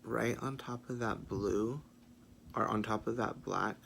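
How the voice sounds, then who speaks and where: A man chatting through a makeup tutorial in a sassy, playful way, swearing freely and muttering quiet asides to himself. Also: lowish voice, a little slow, creaky, slight background noise. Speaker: makeup vlogger.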